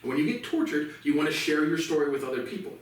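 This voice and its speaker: A man's voice: fairly high pitch, very animated, quick pace. Agitated man ranting, echoey and distant. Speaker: vlogger. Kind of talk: rambling solo monologue. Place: outdoor porch. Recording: echoey and distant with faint noise.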